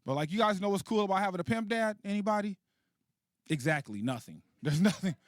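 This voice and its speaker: A man in his late thirties doing a stand-up comedy set, animated and profane, laughing at his own jokes. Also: high voice, fairly quick, no room sound, studio quality. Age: 30s. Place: comedy stage.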